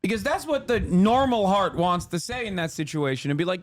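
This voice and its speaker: A man's voice: high-pitched, expressive, a little fast, hardly any pauses. A man streaming a reaction video, talking in a heated, emphatic, profane way. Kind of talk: casual reaction commentary.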